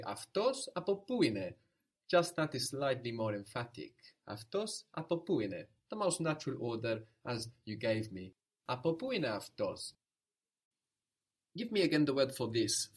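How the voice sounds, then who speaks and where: A man's voice: medium pitch, big pitch swings, moderate pace, slightly rough. A man teaching a language lesson, patiently prompting, repeating answers and explaining where words come from.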